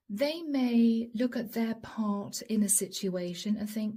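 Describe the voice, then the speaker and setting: A woman giving a channeled tarot reading, soft and emotional, often dropping to a whisper. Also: on the high side, slow pace, few pauses. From Europe. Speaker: tarot reader.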